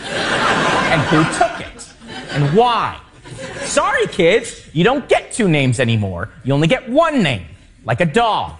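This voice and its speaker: An indignant male TV pundit, as a comedian puts him on in a sketch, whose voice leaps wildly up into squeaks of disbelief. His talk swings hugely in pitch, played from a TV clip with loud audience noise behind it. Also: wildly swooping pitch, takes it slowly, full character voice. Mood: mock outrage. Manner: exaggerated squeaky outrage, sudden high jumps in pitch.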